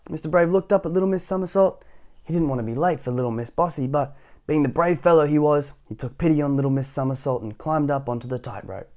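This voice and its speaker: A man's voice: a little high, fast talker, a little mellow. A man hosting storytime, reading a children's picture book aloud with casual asides to young listeners. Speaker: storytime host.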